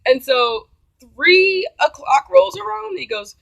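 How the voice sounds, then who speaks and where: A woman's voice: very high voice, big pitch swings, a little slow, gravelly, fairly bright tone, no room sound, poor audio. A woman vlogger telling a story in a casual, blunt, profane way.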